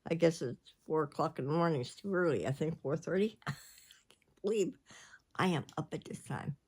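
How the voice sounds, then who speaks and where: A woman's voice: low voice, fast talker, slightly rough. Rambling chatty older woman. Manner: rambling, chatty, jumps between subjects. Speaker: vlogger. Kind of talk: casual chat.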